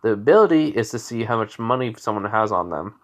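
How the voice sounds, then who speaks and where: A man's voice: lowish voice, animated, fast talker. A young man casually retelling a story, rambling with lots of fillers and restarts.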